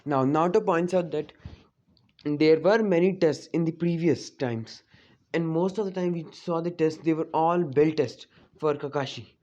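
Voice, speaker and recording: A man's voice: fairly high pitch, normal speed, a little mellow. A young man casually telling a fan-made story, rambling with many fillers. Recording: dull lo-fi recording.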